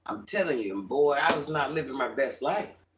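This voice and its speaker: A middle-aged man chatting casually on a livestream, greeting viewers by name and answering their comments in an animated way. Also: medium pitch, moderate pace, background noise. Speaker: livestream host.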